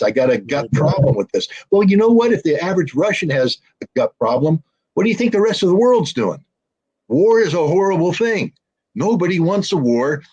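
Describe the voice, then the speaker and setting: A man's voice: lowish voice, husky. A man giving commentary as an interview guest, hesitant with fillers at times and emphatic at others. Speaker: guest analyst.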